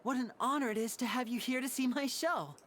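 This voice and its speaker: An actor voicing a showy young male stage magician who talks like a smooth, gracious showman. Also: very high voice, brisk, a bit bright, a little hiss or hum.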